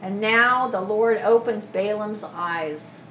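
A woman preaching a sermon, retelling a scripture story in a lively, casual way with asides. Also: medium pitch, takes it slowly, slight background noise. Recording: echoey room from a distance.

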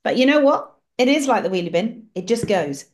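A woman's voice: fairly high pitch, sing-song, a little fast, a little mellow. A woman leading an online prayer session on a video call, speaking in an encouraging, storytelling way. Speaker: prayer group leader.

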